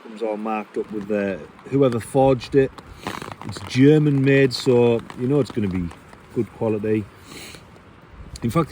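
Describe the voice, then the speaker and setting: Rain patters around a man tucked beneath a tarp in the woods, a bushcraft vlogger rambling casually about gear. He's self-deprecating, says um and er a lot, and his medium-pitched voice sounds mellow over slight background noise.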